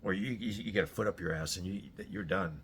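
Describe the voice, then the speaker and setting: A man delivering a blunt, profane ranting monologue that keeps flaring into loud outbursts. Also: low-pitched, quick pace, gravelly, slight background noise. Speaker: host.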